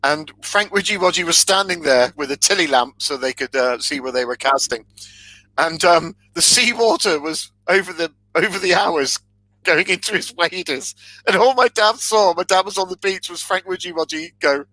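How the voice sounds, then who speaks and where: A man's voice: high-pitched, moderate pace, sharp tone, no echo, poor audio. A man co-hosting a comedy podcast, telling stories in a casual chat and often laughing mid-sentence. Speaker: podcast co-host.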